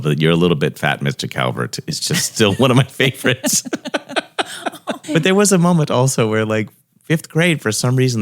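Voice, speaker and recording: A man who is a teacher, a guest on a podcast telling classroom stories in an animated way and laughing often. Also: deep voice. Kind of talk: casual podcast chat.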